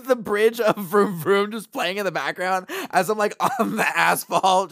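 A woman co-hosting a podcast, telling a story in casual chat, animated, laughing often and swearing. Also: lowish voice, moderate pace, no room sound, clean studio sound. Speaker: podcast co-host.

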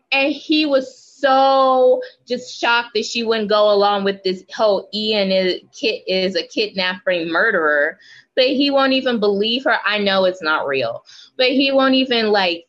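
Woman podcast co-host, unhurried delivery, emphatic profane rant, dull lo-fi sound. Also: fairly high pitch, fairly bright tone. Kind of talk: casual podcast chat.

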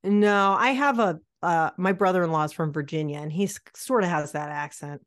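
A woman's voice: on the low side, normal speed, no echo, studio quality. A woman co-hosting a podcast, chatting casually and sarcastically about an old film. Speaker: podcast co-host.

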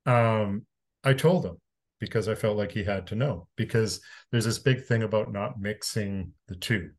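Frank Canadian man with a low voice. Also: moderate pace. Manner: frank, swears casually, shifts between calm and emphatic. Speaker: interview guest. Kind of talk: candid conversational storytelling.

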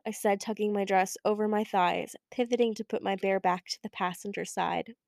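A young woman narrating a first-person audiobook with a wry, expressive way of telling the story. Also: medium pitch, normal speed, gravelly, few pauses, no room sound, studio quality. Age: young adult. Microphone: close studio mic.

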